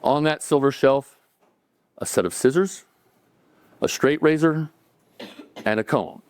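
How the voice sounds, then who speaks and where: A man's voice: fairly high pitch, lively intonation, a little slow. A man telling a true story to a live audience at a cafe event, in a conversational way that acts out the dialogue. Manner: conversational, acting out dialogue, chuckling between lines.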